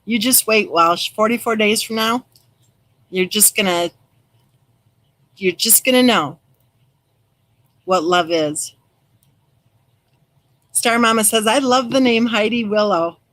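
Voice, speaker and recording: A middle-aged woman hosts a true crime live stream, chatting casually as she reads viewer comments aloud and replies warmly by name. Her mid-range voice is slow with frequent pauses, and the low-quality recording has no echo.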